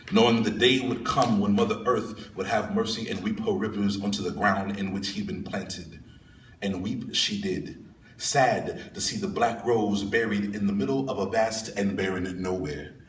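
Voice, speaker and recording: A man's voice: fairly low pitch, fairly even intonation, measured pace, far from the mic. Male spoken word poet, live set, rhythmic and dramatic; echoey room, faint noise. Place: live venue with audience.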